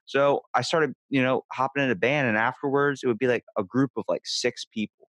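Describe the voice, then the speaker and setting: A man's voice: medium pitch, steady tone, a little fast, fairly bright tone, no echo. A man chatting casually as a podcast guest, rambling through profane stories with lots of fillers and acted-out quotes. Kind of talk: casual storytelling chat.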